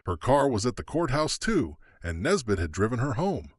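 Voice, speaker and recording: A man's voice: mid-range voice, big pitch swings, moderate pace, dry recording, clean studio sound. A man narrating an audiobook thriller dramatically, his pacing shifting with the action. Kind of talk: scripted narration.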